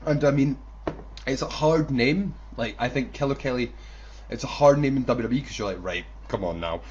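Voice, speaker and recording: A man's voice: mid-range voice, normal speed, darkish tone, slightly rough. A man, co-hosting a casual wrestling podcast, swearing and laughing as he mocks commentators. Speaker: podcast co-host. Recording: dull lo-fi audio with faint noise.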